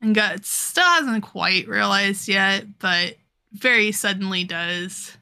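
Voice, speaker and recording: A woman's voice: mid-range voice, slow pace, creaky, sharp tone. A young woman co-hosting a podcast, recapping a manga in a rambling, giggly way, full of fillers. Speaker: podcast co-host. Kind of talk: casual chat recapping a manga.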